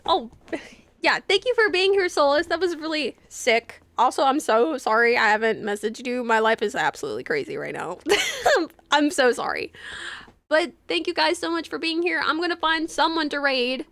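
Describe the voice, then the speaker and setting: A young woman streamer who reads a game's text aloud and chats with her viewers, gushing and excitable between the readings. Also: sits high, normal speed, no room sound.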